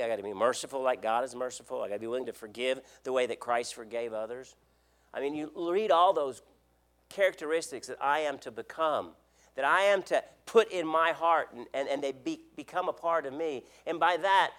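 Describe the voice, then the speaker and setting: A man preaching a sermon as an elder, earnest, repeating words and asking the congregation questions. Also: on the high side. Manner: swings between loud emphasis and quiet drops.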